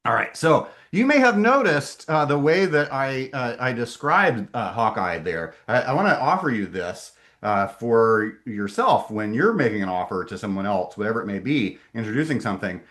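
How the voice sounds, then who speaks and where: A man's voice: medium pitch, big pitch swings, moderate pace, few pauses, a bit bright. A middle-aged man presenting a webinar in a casual way over a video call, enthusiastic and often hesitating and restarting his sentences.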